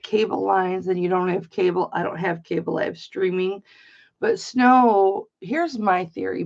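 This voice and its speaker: Hosting an online auction, a middle-aged woman from Michigan chats casually on a livestream, rambling through a story in a blunt way with plenty of swearing. She has a creaky, mid-range voice, captured in slightly dull lo-fi stream audio.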